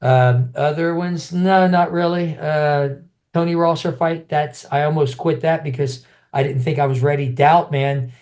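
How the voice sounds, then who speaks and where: A middle-aged man, a former champion kickboxer, telling his stories in a casual interview, animated, often restarting and acting out other people's voices. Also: a little high, a little slow.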